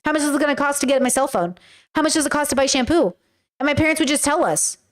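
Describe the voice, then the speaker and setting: Over a webcam or desk mic, a young woman chats bluntly with her livestream audience, reading their messages and speaking right to them with animation. She talks fast in a high voice.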